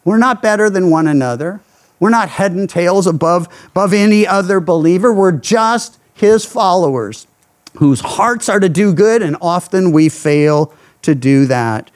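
A man pastor preaching a Bible sermon, earnest and emphatic, letting his phrases fall low at the end. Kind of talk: expository sermon.

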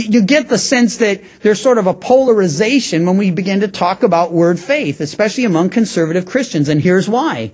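Husky-voiced pastor preaching conversationally. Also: male voice, high-pitched, a little mellow. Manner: conversational preaching with frequent restarts and stammers. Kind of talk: radio sermon.

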